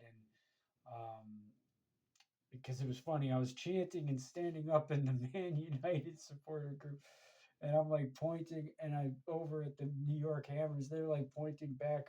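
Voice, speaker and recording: A man's voice: medium pitch, dark tone, low-quality recording. An American man telling a casual, rambling story about a match, with many fillers and restarts. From United States. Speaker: fan podcaster.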